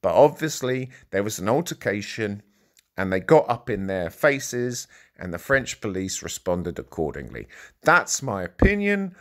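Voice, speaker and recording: A man's voice: on the low side, very animated, unhurried. Sarcastic man reacting to news. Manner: sarcastic, reads text aloud and interjects. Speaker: commentary vlogger.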